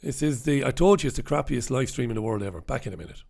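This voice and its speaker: A man's voice: medium pitch, animated, fast talker, vocal fry, a little mellow. A middle-aged man hosting a casual live stream from a home studio, chatty and self-mocking. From Ireland. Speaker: host.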